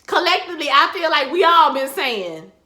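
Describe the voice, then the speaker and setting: A woman in a casual vlog, recapping a TV episode with a bright, sharp voice pitched a little high. She is animated and slangy, acting out lines as she goes, and her voice echoes in a roomy space. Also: moderate pace. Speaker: TV recap host. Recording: echoey room.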